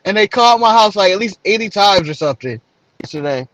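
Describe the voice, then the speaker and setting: A man's voice: high voice, expressive, quick pace, a bit bright, dry recording, highs cut off. A man co-hosting a casual wrestling recap show, joking and laughing often and trailing off mid-sentence. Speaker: co-host. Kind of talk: casual podcast chat.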